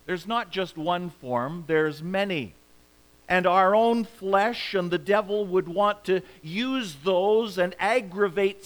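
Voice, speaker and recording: A man preaching a sermon, reading scripture and expounding on it in a slow, deliberate way with dramatic pauses. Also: high voice, a bit bright, clean tone, rough recording.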